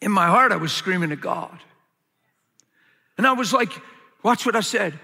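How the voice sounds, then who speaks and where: A bright, fairly high-voiced man preaches a sermon in a big hall, his words ringing with a long reverb. He tells his story with lots of drama, jumping from loud shouts to hushed asides in front of a live audience. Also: normal speed, gravelly, slightly rough. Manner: animated storytelling, swinging from loud shouts to low quiet asides. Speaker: pastor.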